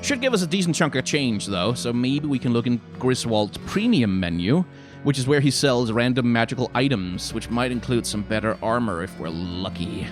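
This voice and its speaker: A man's voice: medium pitch, lively intonation, normal speed, hardly any pauses. A man giving casual gameplay commentary as a let's play host, thinking aloud and swearing now and then. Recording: game music playing loudly underneath. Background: game music.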